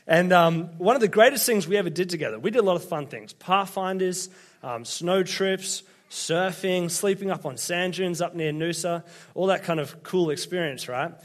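A young man with an Australian accent preaches in a relaxed, conversational way, mixing funny family stories with scripture. His voice sits a little higher than most men's, and he talks to the congregation like friends. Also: moderate pace. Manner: chatty, self-deprecating storyteller. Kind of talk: casual sermon with personal stories. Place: church hall with congregation.

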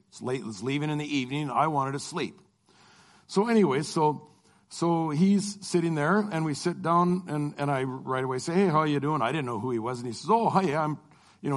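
A middle-aged man, a Christian lecturer, telling a personal travel story and acting out the dialogue. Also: a little high. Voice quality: animated, acts out dialogue. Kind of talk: storytelling testimony.

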